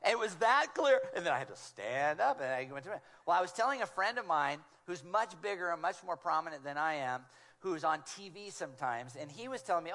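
Talking fast and animatedly in a fairly high voice, a guest preacher tells stories during his sermon through a small clip-on mic. Whenever he quotes someone, he slips into a hushed, quiet tone.

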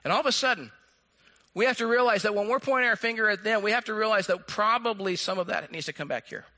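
A man preaching a sermon to his congregation, swinging from animated, acted-out lines down to a soft hush. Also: high-pitched, quick pace. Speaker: pastor.

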